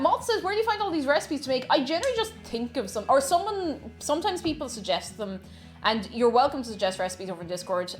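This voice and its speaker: A woman chatting casually while she cooks on a live stream, giggly and talkative, reading out chat messages. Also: fairly high pitch. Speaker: cooking streamer.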